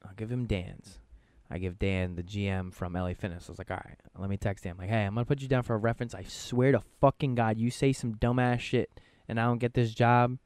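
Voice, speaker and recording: A young man co-hosting a podcast, telling a story in a casual, animated way and acting out what people said. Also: a little fast, clean tone, dry recording, studio quality. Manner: animated, acts out quotes with shifting pitch and swearing. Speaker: podcast co-host.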